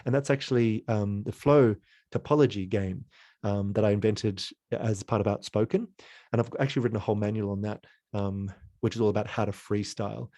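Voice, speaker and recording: A man's voice: lowish voice, fairly even intonation, brisk, mellow, no room sound. A man teaching an online creativity lesson in a playful, exploratory way, jumping into sounds and voices.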